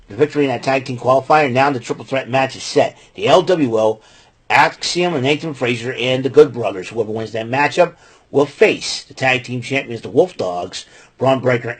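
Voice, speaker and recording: A man talks through last night's wrestling card in an unscripted, meandering way, often stopping to restart his sentences. His voice sits at an ordinary pitch with a husky, breathy edge. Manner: rambling, many fillers and restarts. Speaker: podcast host recapping wrestling. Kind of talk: casual spoken recap.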